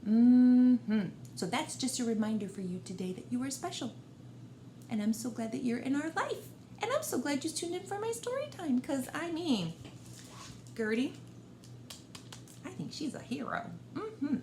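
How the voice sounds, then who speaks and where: A woman librarian reading a picture book aloud for storytime, expressive and gentle, talking directly to young listeners. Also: high voice, normal speed, slight background noise. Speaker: children's librarian. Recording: roomy room echo.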